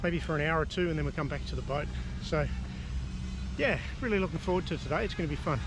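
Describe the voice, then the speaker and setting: Upbeat man over loud noise. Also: on the high side, quick pace. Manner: chatty and enthusiastic. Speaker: sailing vlogger. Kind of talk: casual travel vlog narration. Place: outdoors, boat and road travel.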